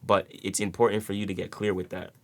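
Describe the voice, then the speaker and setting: A man's voice: deep voice, little pitch movement, a little fast. A man giving a casual tarot reading to his viewers, rambling with repeated words and many fillers. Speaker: tarot reader.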